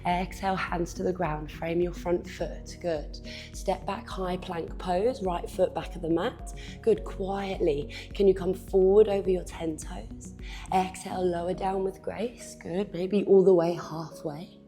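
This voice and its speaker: Woman yoga teacher calling out poses, mellow low voice, soft music behind, a bit breathless. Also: measured pace. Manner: calm coaching cues, encouraging, drops to a whisper at times. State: a bit out of breath while demonstrating. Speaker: yoga instructor. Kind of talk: guided yoga class instruction.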